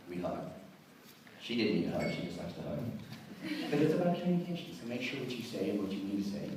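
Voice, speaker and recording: Dad giving a rambly joking wedding toast, kinda low voice, far off in a big echoey room. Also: male voice, very animated, quick pace, background noise. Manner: rambling, self-deprecating, joking. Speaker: father of the bride giving a toast. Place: wedding reception hall. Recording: echoey reception hall, distant mic.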